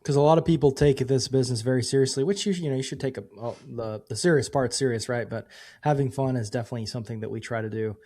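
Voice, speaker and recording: Brief: male host, quick casual delivery, mellow dark tone. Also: mid-range voice. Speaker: podcast host. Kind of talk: casual interview chat.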